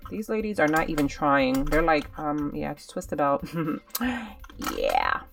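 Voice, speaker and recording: A woman's voice: deep voice, huge pitch swings, a little slow, vocal fry, distant mic, soft background music. A young woman doing casual game commentary, chatty and dramatic, talking straight to her viewers while she plays. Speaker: gaming channel host.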